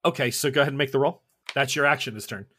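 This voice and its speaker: A man's voice: mid-range voice, very fast, bright, forceful tone. A man running a tabletop horror game as game master, narrating the action with joking asides.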